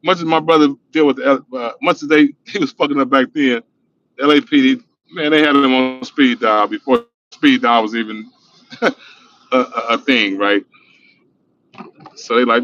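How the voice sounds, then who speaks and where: A man's voice: medium pitch, a little fast, a bit bright. Middle-aged male streamer, laid-back and profane, muffled lo-fi sound, talking while driving. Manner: loose, profane, laughing storytelling. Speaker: livestream host. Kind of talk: casual storytelling livestream.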